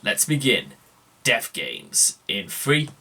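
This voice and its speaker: A man's voice: on the low side, wildly swooping pitch, slow pace, creaky, breathy edge. A man, hosting a music reaction video in a rambling, self-correcting, chatty way. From northeast England. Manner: rambling, self-correcting, keeps calling out "ladies and gentlemen". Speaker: music reaction channel host. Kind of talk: casual reaction commentary.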